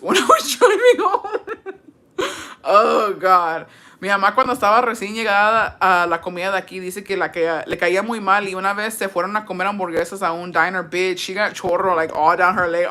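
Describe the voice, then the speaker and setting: A woman chats casually on a livestream and reads out viewer comments. Her bright, sharp-edged voice carries brash, profane storytelling, and she mixes English with Spanish as she goes. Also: medium pitch. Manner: switches between English and Spanish. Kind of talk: casual chat.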